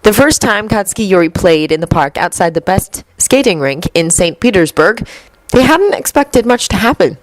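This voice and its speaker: A woman narrating a story with a steady, measured reading. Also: mid-range voice, low-quality recording. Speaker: reader. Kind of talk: storybook narration of fan fiction.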